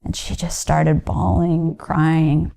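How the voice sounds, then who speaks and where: A woman's voice: sits low, little pitch movement, slow pace, creaky, mellow. A young woman giving a personal testimony in a hesitant way, with frequent fillers and restarts. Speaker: interviewee sharing her story.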